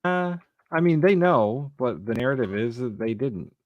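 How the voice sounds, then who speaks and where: A man's voice: medium pitch, lively intonation, moderate pace, no echo, dull audio. A man co-hosting a political chat, explaining his points and repeating phrases for emphasis. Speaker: co-host.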